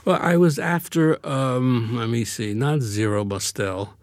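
A man's voice: medium pitch, a little slow, a little mellow, no echo, studio quality. An older man from Brooklyn, a guest author talking in a reflective, wry way in a radio interview. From Brooklyn, USA. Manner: reflective, wry, laughs easily.

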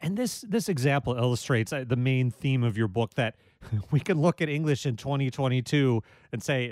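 A man's voice: medium pitch, lively intonation, moderate pace, a little mellow, no echo. A man hosting a public radio call-in show, talking in a friendly, conversational way and chuckling now and then. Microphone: studio microphone.

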